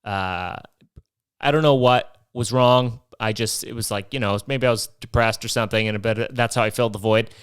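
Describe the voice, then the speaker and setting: A man's voice: medium pitch, fairly even intonation, normal speed, clear, resonant tone, no echo, clean studio sound. A young man telling a rambling, profane comic monologue as host, ranting with mock indignation. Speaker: comedy podcast host.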